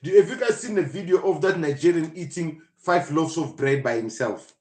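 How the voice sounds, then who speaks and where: A man hosting a casual live podcast, talking in an animated, mocking and joking way. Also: a little high, normal speed. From South Africa. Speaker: podcast host. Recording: roomy echo.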